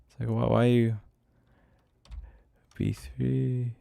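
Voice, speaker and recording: A man's voice: mid-range voice, level tone, takes it slowly, gravelly, warm tone. A middle-aged man livestreaming himself coding, in casual, blunt, profane talk, muttering to himself as he works. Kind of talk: casual livestream chat while programming.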